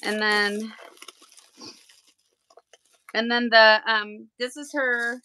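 A woman hosting a tie-dye livestream, chatting casually and gushing with excitement. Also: fairly high pitch, drawn-out words, slight background noise. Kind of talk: casual livestream chat while unboxing.

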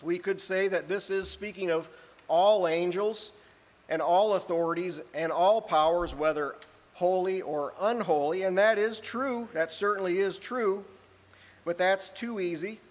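A man preaching an earnest sermon, reading scripture aloud and often clearing his throat. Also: sits high. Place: church hall. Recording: long hall reverb.

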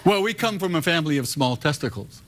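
A man as a guest on a late-night talk show, talking in a halting, deadpan, self-deprecating way. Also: on the high side.

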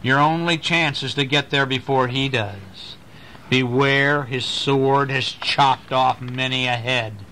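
A man playing a boastful young storyteller, slow and ominous. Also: medium pitch, pushed and bright, a little hiss or hum, rough recording.

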